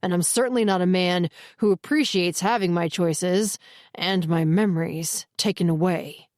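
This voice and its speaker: A woman voicing an older male werewolf leader, a former alpha, rough and stern with grief in his hushed voice. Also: high-pitched, normal speed, no room sound, studio quality, lightly acted. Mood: angry grief.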